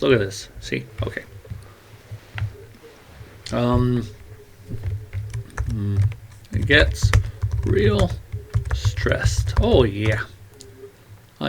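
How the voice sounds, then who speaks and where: A lowish, creaky male voice drifts through a rambling monologue as he thinks aloud while writing, muttering and trailing off. The mic he speaks into is covered by a glove, and typing sounds behind him. A faint hiss or hum is audible.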